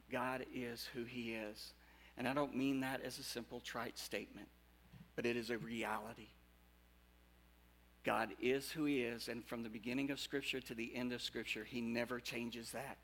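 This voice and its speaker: A man preaching a sermon to a congregation in a conversational way, drawing the audience in with questions and moving between loud, animated bursts and quiet, earnest passages. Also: mid-range voice. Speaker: pastor.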